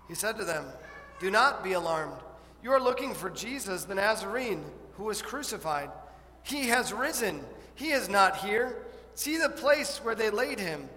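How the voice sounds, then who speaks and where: A pastor with a high, bright voice preaches to his congregation, telling stories with lively expression. The sound rings with a long hall reverb, and a faint hum of room ambience sits behind him. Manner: animated storytelling, acting out a scared child. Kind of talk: sermon. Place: church.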